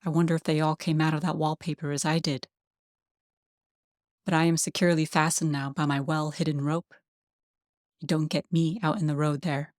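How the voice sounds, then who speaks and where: An audiobook reader giving a calm, gentle, unhurried narration of a classic story. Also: medium pitch, dry recording, studio quality.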